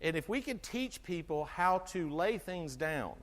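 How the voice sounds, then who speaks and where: Lively high-voiced man lecturing in a hall. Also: a little slow. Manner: animated, asks the audience questions, acts out dialogue. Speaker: chiropractor giving a health talk. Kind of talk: sermon-like health talk to an audience. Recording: long hall reverb from a live talk.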